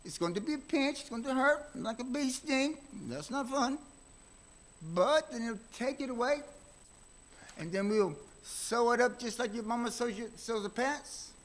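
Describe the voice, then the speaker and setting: A man voicing a kindly older German country doctor with a German accent, chatting cheerfully to hurt children to calm them. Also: very high voice, normal speed, voice pushed up, rough recording. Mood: gentle, coaxing. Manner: cheerful, coaxing bedside chatter to small children.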